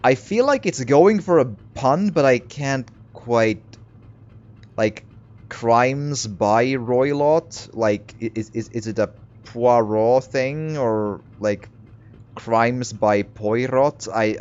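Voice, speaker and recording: A man's voice: medium pitch, takes it slowly. Stammering, joking man streaming a game. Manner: rambling, stammering asides, joking. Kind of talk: let's play commentary. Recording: slightly muffled, steady hiss behind.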